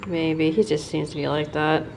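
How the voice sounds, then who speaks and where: A woman talking to her cats at home in a cooing, affectionate way, with soft laughs. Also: low-pitched, steady tone, normal speed, gravelly, slight background noise. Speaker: cat channel host. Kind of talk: casual talk to her cats.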